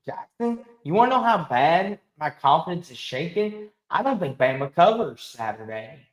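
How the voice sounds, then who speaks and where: A man hosting a casual sports talk show, ranting emphatically and talking with animated energy. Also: fairly high pitch, moderate pace, roomy sound, rough recording. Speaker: host.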